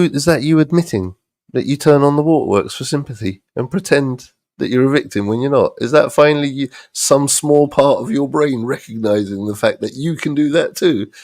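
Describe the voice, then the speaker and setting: A man's voice: mid-range voice, vocal fry, a little mellow, dry recording, studio quality. A man hosting a live stream, giving sarcastic, mocking commentary to his audience over played clips. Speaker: livestream host.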